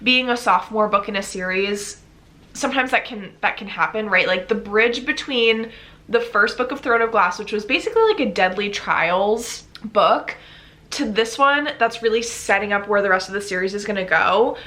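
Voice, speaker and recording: A woman's voice: medium pitch, lively intonation, moderate pace, sharp tone. A young woman chatting casually in a reading vlog, bubbly and gushing, with lots of "like" fillers. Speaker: book vlogger.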